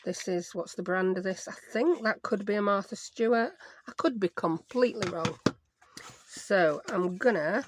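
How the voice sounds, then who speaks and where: A woman's voice: mid-range voice, normal speed, background noise. Chatty woman crafting. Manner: chatty, self-mocking, talks to herself while working. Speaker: crafting YouTuber. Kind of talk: casual craft tutorial.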